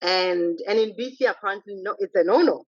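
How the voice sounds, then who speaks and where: Woman guest, mid-pitched, assertive and chatty; dull lo-fi recording. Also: fairly quick, a little mellow. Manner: chatty, assertive, quotes her kids' exchanges. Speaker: podcast guest, mother of three. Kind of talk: casual conversation. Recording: muffled lo-fi recording.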